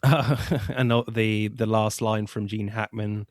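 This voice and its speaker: A man's voice: lowish voice, flat delivery, slow, no echo, clean studio sound. A man co-hosting a casual film podcast, laughing often as he chats. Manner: giggly, laughs often, acts out film quotes. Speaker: podcast co-host.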